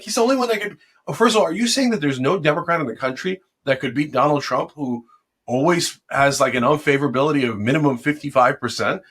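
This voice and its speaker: A man's voice: a little high, a bit bright. A middle-aged man speaking passionately and combatively in an interview conversation about politics and a possible run for office.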